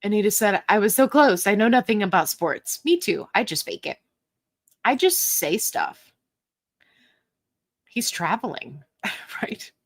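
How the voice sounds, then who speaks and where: A playful woman chats her way through viewer comments on a home livestream. Her voice is mid-pitched and sounds close and dry, with no room echo, and she is quick to poke fun at herself. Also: sing-song. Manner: chatty, playful and self-mocking, laughs often. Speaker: livestream host. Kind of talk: casual live Q&A, reading chat comments.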